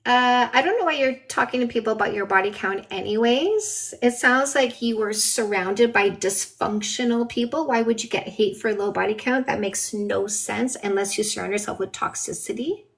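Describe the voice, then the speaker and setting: A dating coach from Canada streams from her backyard garden, talking casually into her phone. Her voice sits a little high. She brushes off trolls in a blunt, mocking way. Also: moderate pace, hardly any pauses. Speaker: dating coach hosting a livestream. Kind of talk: casual live-stream chat. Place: outdoors in a backyard garden with a patio.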